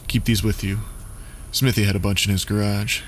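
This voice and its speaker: A man voicing a grim neighbor who speaks in a flat, matter-of-fact way. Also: lowish voice, normal speed, slight background noise, natural voice.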